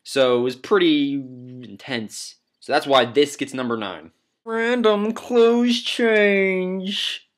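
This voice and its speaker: A man's voice: on the high side, lively intonation, slow. Rambling man counting down anime moments. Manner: rambling, filler-heavy, swears casually. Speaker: anime vlogger ranking moments. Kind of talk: casual countdown commentary.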